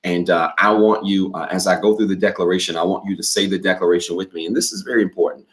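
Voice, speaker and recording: A deep-voiced middle-aged man preaching to his congregation as their pastor. He speaks upbeat and direct, then reads declarations slowly for the listeners to repeat after him. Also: fairly even intonation. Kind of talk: sermon with responsive reading.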